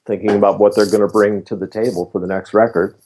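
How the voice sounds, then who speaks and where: A man in his fifties, a former roadie and bass player, telling relaxed stories as an interview guest. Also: fast talker. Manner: relaxed anecdotal telling, laughs between stories. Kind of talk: casual interview storytelling.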